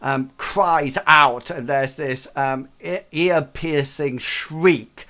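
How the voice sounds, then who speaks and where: A man's voice: mid-range voice, fairly even intonation, takes it slowly, sharp tone. A man narrating as game master, with loose rambling phrasing and many fillers.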